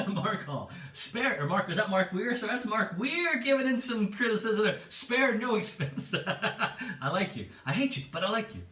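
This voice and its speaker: A man's voice: sits high, very animated, moderate pace, pushed and bright, recorded from a distance. A man hosting a livestreamed pub quiz from home, chatty and playful, reading out each set of options twice. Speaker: quiz host. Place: room at home. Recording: echoey room, away from the mic.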